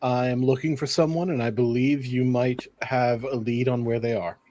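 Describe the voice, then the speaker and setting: A man playing in a tabletop game, speaking in character in a calm, measured way. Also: mid-range voice, a little hiss or hum. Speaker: player.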